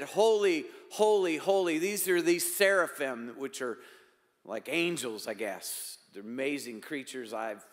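Male pastor preaching in a reverberant hall. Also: medium pitch. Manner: preaching with emphatic rises and quiet asides. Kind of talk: sermon.

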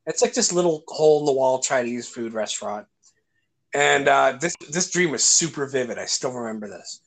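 A man's voice: medium pitch, lively intonation, normal speed, creaky. A young man in casual podcast chat, telling long rambling stories and swearing freely. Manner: rambling storyteller, acts out voices in his anecdotes, swears freely.

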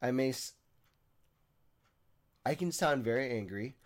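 A man's voice: medium pitch, lively intonation, measured pace. A young man hosting a podcast, talking earnestly in a casual monologue, often restarting his sentences. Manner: earnest, rambling, with frequent restarts. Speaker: podcast host.

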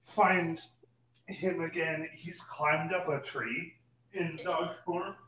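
This man's voice is fairly high, steady in tone, slow, and a bit bright as he recounts a film's plot while co-hosting a podcast. He rambles, laughs a lot, and swears freely, and the distant mic captures a roomy space with faint noise.

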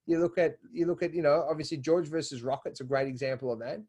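An Australian man on a podcast, speaking in a fairly high voice. He talks animatedly, restarting and repeating words as he pushes his argument along. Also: fast, darkish tone. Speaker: podcast guest. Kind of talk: casual conversation.

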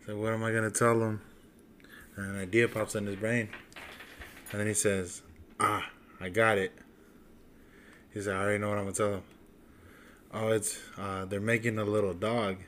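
A man's voice: on the low side, little pitch movement, moderate pace, long pauses, a bit bright, slight background noise. A young man co-hosting a casual podcast, telling a crude joke full of swearing and acted-out voices. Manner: swearing storyteller, acts out voices. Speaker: podcast co-host.

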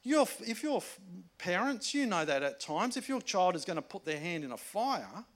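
A man preaching a sermon in a conversational way, moving between emphatic points and hushed asides. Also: high voice, sing-song, moderate pace. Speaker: pastor.

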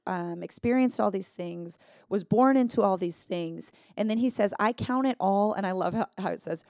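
A woman's voice: mid-range voice, moderate pace, mellow, no echo, clean studio sound. A woman co-hosting a casual Bible study chat, earnest and emphatic, thinking aloud as she explains. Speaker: podcast co-host.

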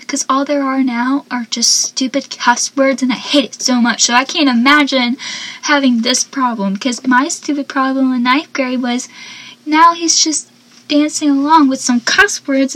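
A young woman with a high voice recaps a TV episode in a loose, chatty way. She laughs often and breaks off into animated asides. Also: poor audio. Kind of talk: casual recap commentary.

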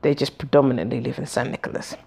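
A woman's voice: a bass voice, fast, gravelly, slightly rough. A woman in her forties hosting a podcast, telling a story casually, swearing freely and acting out the dialogue. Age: 40s. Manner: animated, profane, acts out dialogue. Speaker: podcast host.

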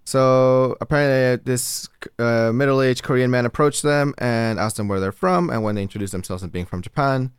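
A man co-hosting a podcast in casual chat, easygoing and halting. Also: mid-range voice, clear, resonant tone, no echo, studio quality. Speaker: podcast co-host.

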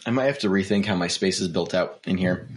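A man's voice: low voice, fast talker. Laid-back man podcast co-host. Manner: laid-back, thoughtful, hesitant restarts. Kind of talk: casual chat.

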